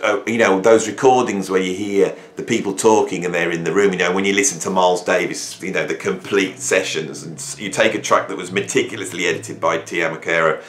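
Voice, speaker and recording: A man talks casually to camera from a hot garage, a bit sweaty and full of energy. His voice sits on the low side, and he rambles and repeats phrases as his thoughts pile up. The garage gives his voice an echoey, roomy sound. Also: steady tone, a little fast, few pauses, fairly bright tone. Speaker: drummer and producer talking to camera. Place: home garage.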